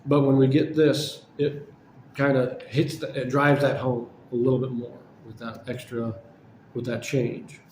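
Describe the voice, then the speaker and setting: A man's voice: medium pitch, flat delivery, a little slow, a little mellow, reverberant, slight background noise. A man casually explaining a poem's form and meter, with frequent fillers and self-corrections. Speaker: poetry channel host. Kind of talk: casual poetry lecture.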